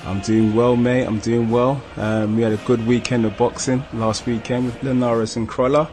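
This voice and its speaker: A man hosting a sports podcast, casual and upbeat, with shouted hype intros. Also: mid-range voice, level tone, moderate pace, crowd noise. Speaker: podcast host.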